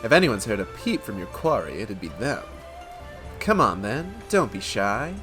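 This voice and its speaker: A man voicing a charming, smooth-talking male rogue in a game, with a theatrical British-tinged drawl. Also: lowish voice, sing-song, normal speed, music in the background. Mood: roguish.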